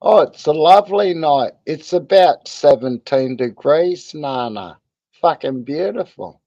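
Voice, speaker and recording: Australian male co-host, slow mellow delivery, dry muffled stream audio, casual swearing banter. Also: a little high, lively intonation, no room sound. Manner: laid-back, swearing, laughing often. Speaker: livestream co-host. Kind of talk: casual late-night chat.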